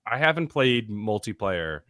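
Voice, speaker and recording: A male co-host chatting on a podcast, his voice fairly low but bright and forward in tone. He hesitates and restarts a lot, slipping in dry sarcastic jokes. Close mic, dry sound. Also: very animated, measured pace, no echo. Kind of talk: casual chat on a livestreamed podcast.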